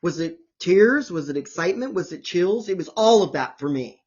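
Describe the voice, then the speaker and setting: A man's voice: high-pitched, animated, normal speed, a little mellow, husky, dull audio. A man hosting a casual chat show, talking with gushing enthusiasm. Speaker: host.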